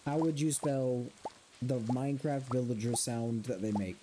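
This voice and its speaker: A man's voice: medium pitch, fairly even intonation, normal speed. A young man streaming a farming game, chatting casually with his chat and playfully repeating a grunting villager noise. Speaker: gaming streamer. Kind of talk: casual live-stream chat while gaming.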